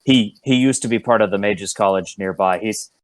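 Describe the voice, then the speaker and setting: A man voicing a panicked male tavern worker who stammers and shouts in a frenzy. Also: fairly low pitch, moderate pace, no echo, lightly acted. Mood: urgent pleading.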